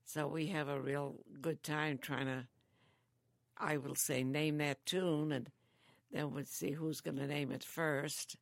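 An older woman who lives in a care home, chatting slowly and telling stories with frequent chuckles. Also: deep voice, flat delivery, creaky, dry recording, clean studio sound. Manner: slow, chuckling storyteller. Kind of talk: casual chat.

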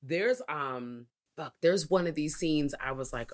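A woman's voice: very deep voice, moderate pace, hardly any pauses. A woman guest in casual film chat, rambling and saying "like" often. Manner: rambling, heavy use of "like". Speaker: podcast guest.

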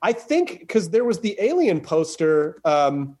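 A man's voice: a little high, big pitch swings, unhurried, darkish tone. A man co-hosting a podcast, riffing in a rambling, joking way and laughing often. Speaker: podcast co-host. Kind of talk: casual comedic chat.

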